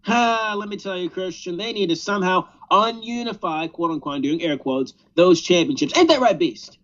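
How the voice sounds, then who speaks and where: A man co-hosting a wrestling podcast, playful and jokey, quick to laugh. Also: high voice, lively intonation, fairly bright tone, highs cut off. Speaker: podcast co-host. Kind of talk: casual wrestling review chat.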